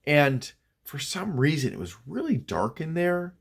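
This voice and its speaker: A man spinning a spooky childhood tale in a loose, chatty way, often restarting and turning aside to the listener. His pitch moves around a lot as he builds the suspense. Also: very animated, unhurried, gravelly, slightly rough. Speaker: storyteller. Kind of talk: casual spoken horror storytelling.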